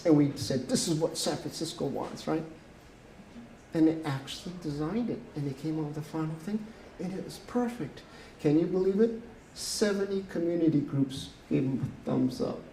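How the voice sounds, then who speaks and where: Older guy planner telling stories, kinda high mellow voice, echoey room, a bit of hiss. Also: normal speed. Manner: animated, chatty storyteller. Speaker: urban planner and speaker. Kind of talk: storytelling presentation. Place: conference room. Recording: echoey room with faint noise.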